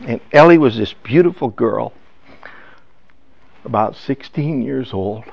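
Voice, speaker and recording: An older man telling a family story in a personal testimony talk, halting and emotional, with many restarts. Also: mid-range voice, expressive, creaky. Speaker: speaker. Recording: dull lo-fi sound.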